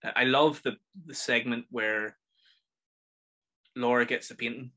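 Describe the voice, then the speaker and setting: A man's voice: mid-range voice, fairly even intonation, a little slow, sharp tone. A man with a Northern Irish accent hosting a casual film review podcast, chatty and enthusiastic as he rambles through his thoughts. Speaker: podcast host.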